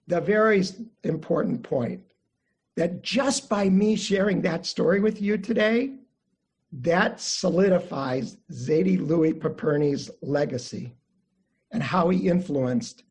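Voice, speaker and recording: An older man leads an online study class, his voice pitched a little high and slightly husky. He tells family stories in a friendly, conversational way and livens up the voices he quotes. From United States (Midwest). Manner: warm anecdotal storytelling, animated quotes. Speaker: Jewish studies teacher. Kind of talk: online class lecture with storytelling.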